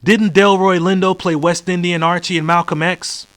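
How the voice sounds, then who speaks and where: A man hosting a solo podcast, ranting bluntly and swearing freely as he fires off one rhetorical question after another. His voice sits a bit higher than most men's, and he drops low and mutters his asides. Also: fairly even intonation, normal speed, fairly bright tone. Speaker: podcast host.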